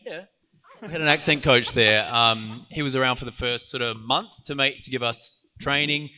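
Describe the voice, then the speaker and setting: An easygoing man on a convention panel, talking over his acting work. His voice is bright, smooth and resonant. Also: medium pitch, normal speed. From New Zealand or Australia. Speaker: panel guest actor. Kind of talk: casual panel chat.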